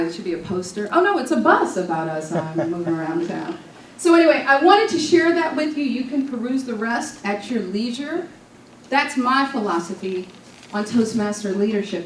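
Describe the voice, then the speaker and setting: A woman from New York giving a club leadership training talk, a lively storyteller who jokes with her audience. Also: mid-range voice, slight background noise. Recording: roomy sound from a distant mic.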